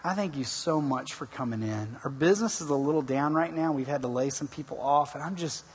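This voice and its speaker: A humble car mechanic speaking softly and earnestly with thanks, as a preacher acts him out. The voice is a little husky and echoes through a large hall. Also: male voice, fairly high pitch, fairly quick. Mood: grateful. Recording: long echoing reverb in a large hall.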